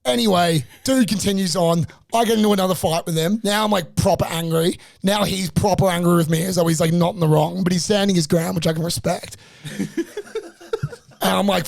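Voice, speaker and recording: A young man with a high-sitting, brisk voice and vocal fry, recorded in studio quality without echo, co-hosts a casual podcast. He rants animatedly through a funny story, swearing constantly.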